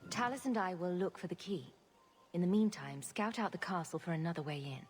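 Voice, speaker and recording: A woman voicing a dry-witted female warrior hero who speaks in a calm, matter-of-fact way. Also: on the low side, brisk, slightly rough, faint music behind.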